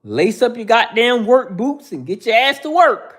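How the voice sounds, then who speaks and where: A man's voice: very high voice, big pitch swings, normal speed, a bit bright. A man in his thirties hosting a livestream, bluntly lecturing viewers in the chat with repetitive slang. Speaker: livestream host. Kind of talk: casual livestream rant.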